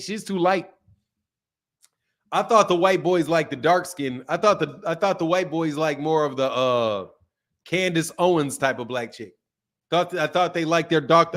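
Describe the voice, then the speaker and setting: A man with a slightly high voice hosts a live stream, talking loosely and joking with his viewers. He laughs often and answers comments as they come in, in an easygoing, casual way. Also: fairly bright tone. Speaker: live-stream host reading chat.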